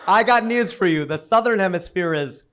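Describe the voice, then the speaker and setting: Male stand-up, high-pitched, very lively delivery, incredulous punchlines. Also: normal speed, noisy background. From United States. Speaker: stand-up comedian. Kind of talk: stand-up comedy set.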